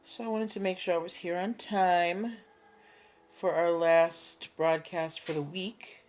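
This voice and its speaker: A woman hosts a casual live stream. She takes her time, speaking at an unhurried pace. She chats freely and greets each viewer by name. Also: fairly low pitch, steady tone, darkish tone, a little hiss or hum. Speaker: livestream host.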